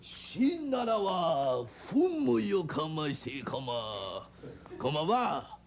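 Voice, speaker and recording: A man's voice: on the high side, big pitch swings. A man playing a manic young Japanese stand-up comic, rattling off jumbled patter in a late-night comedy bit. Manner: rapid, erratic, jumbled patter.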